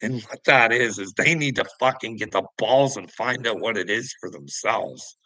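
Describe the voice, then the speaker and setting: A man's voice: on the low side, animated, moderate pace, bright, forceful tone, dry recording, low-quality recording. A man delivering an angry, scornful monologue that is heavy on swearing, calling out people online. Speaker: online commentator. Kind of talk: profane ranting monologue.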